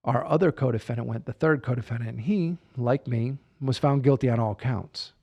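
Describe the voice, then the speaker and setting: A man with a gravelly, creaky voice at an average pitch tells a candid personal story. He speaks reflectively, repeating phrases for emphasis and filling pauses with "you know" and "like.". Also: a little mellow, lo-fi sound. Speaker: guest sharing personal story.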